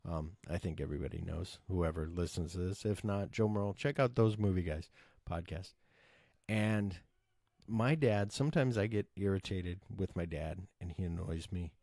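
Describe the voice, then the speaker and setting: A middle-aged podcast host tells a long, meandering personal story in a deep, relaxed, creaky voice, cursing offhandedly and leaning on plenty of fillers. The audio is close and dry, with no room sound around him.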